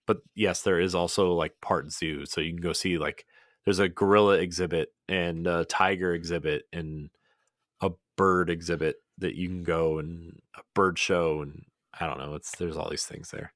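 Deep-voiced guy rambling on a podcast, tons of "like"s, dry close mic. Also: fairly even intonation, moderate pace, fairly bright tone, no room sound. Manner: rambling, many "like"s and restarts. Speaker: podcast co-host. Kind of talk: casual podcast chat.

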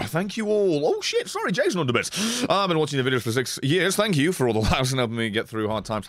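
A British man streaming a game live, swearing freely, excitable, and effusively thanking his viewers. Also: on the high side. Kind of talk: live gaming stream commentary.

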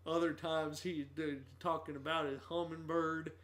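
A man's voice: fairly high pitch, level tone, normal speed, a bit bright. Dry, sarcastic male co-host. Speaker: podcast co-host. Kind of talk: casual film review chat.

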